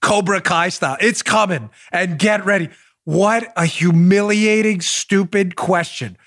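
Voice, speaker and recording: A man hosting a political commentary show, animated and sarcastic with wisecracks. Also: high-pitched, measured pace, dry recording, studio quality. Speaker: host.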